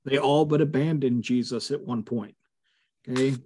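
A man's voice: medium pitch, fairly even intonation, normal speed, darkish tone, breathy edge. A male pastor leading a Bible study over a video call, talking conversationally with frequent fillers and emphatic asides.

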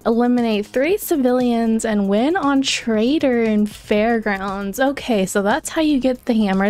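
A young woman hosting a gaming channel, giving excitable, giggly play-by-play commentary while keeping her voice down. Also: a little high. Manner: excitable, gasping and giggling, talking quietly. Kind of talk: casual gameplay commentary.

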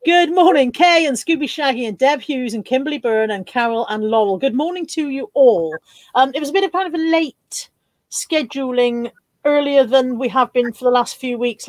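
A woman's voice: high-pitched, darkish tone, no room sound. Chatty woman hosting a live stream. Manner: chatty, reads out viewer comments with bursts of laughter. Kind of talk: casual live stream chat.

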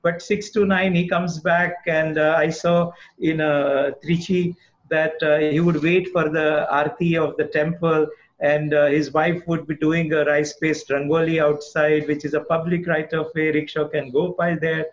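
Earnest Indian architect on a muffled call. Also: male voice, fairly high pitch, flat delivery, normal speed. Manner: earnest, discursive, frequent "uh" fillers. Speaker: guest architect speaker. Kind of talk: webinar Q&A answer.

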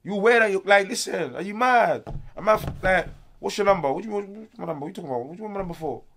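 A young man from Congo, ranting loudly with profane slang as a guest in a casual interview. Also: sits high, expressive, rapid-fire, slight background noise.

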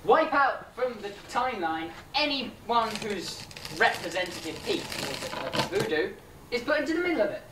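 A woman's voice: mid-range voice, very animated, lightly acted. A woman playing an eccentric time-travelling doctor. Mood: commanding. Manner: brisk, commanding, rambling. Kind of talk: amateur comedy sketch acting. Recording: distant, echoey room with noise.

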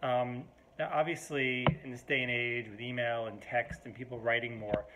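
A man's voice: medium pitch, little pitch movement, normal speed, noisy background. A man in a casual, rambling to-camera monologue at home, full of fillers and restarts, mildly exasperated. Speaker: vlogger.

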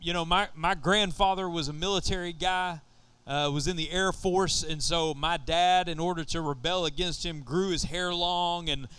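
A middle-aged Texan pastor preaches in a relaxed, joking way, talking straight to his congregation. His voice sits high for a man and rings bright and crisp. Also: normal speed, no echo. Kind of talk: sermon.

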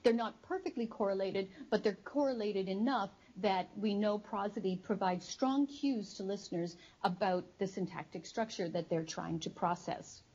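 A woman psychology professor giving an academic lecture to a live audience, explaining in a measured way with frequent ums and uhs. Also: medium pitch, darkish tone, muffled recording. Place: studio before a live audience.

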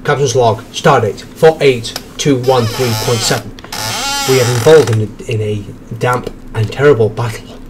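A man's voice: mid-range voice, normal speed, noisy background, close to an everyday voice. A man playing a pompous starship captain, reading a log in a stiff, formal way. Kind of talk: comedic script reading.

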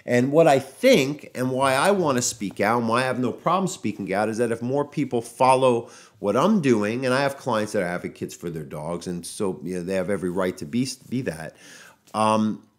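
A man's voice: medium pitch, moderate pace. A man, a dog trainer, hosting his own podcast in casual solo talk and venting his frustration. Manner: frustrated ranting, quoting people in raised voices.

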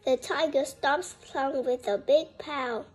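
A woman reading a children's story aloud in a slow, careful way, inviting her listeners to join in. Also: sits high, darkish tone.

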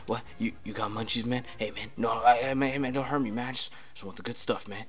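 A man's voice: medium pitch, fairly even intonation, fast, a bit bright, slightly rough. A man voicing a dopey, stoned young man who drawls and keeps repeating "man.". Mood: spaced-out.

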